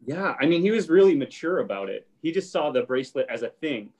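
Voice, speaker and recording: A man's voice: on the high side, sing-song, quick pace, darkish tone. Chatty man retelling a show scene. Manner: retells scenes, briefly acting out lines. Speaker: podcast host. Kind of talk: casual chat recapping a show.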